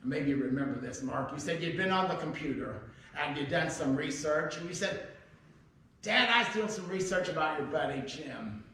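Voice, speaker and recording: A middle-aged male pastor tells a personal story during a sermon in a church sanctuary, folksy and conversational, acting out the dialogue. His fairly high, animated voice comes at a normal speed, pushed and bright, with a little hiss or hum. The mic sits at a distance in an echoey church hall.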